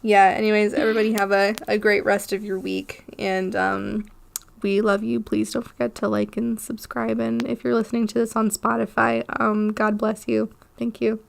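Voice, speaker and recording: A woman co-hosting a casual podcast, talking in an unhurried way with frequent ums and laughs. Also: mid-range voice, level tone, gravelly. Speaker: podcast co-host.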